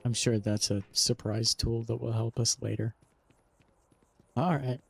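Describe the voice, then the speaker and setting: A man's voice: mid-range voice, steady tone, measured pace, creaky, husky. A young man casually commentating his gameplay, joking and teasing the characters. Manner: jokey, teasing game characters. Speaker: gaming streamer. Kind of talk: casual let's play commentary.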